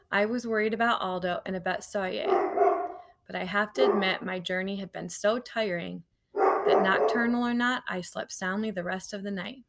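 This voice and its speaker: Over heavy background noise, a woman teacher with a medium-pitched voice reads a children's novel aloud to her class. She keeps the storytelling lively and interrupts herself for casual comments to the students.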